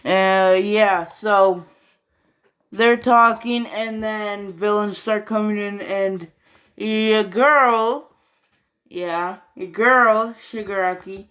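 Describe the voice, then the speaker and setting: A woman's voice: mid-range voice, steady tone, drawn-out words, fairly bright tone. A tired woman rambling casually in slang and swearing as she retells a fan story late at night.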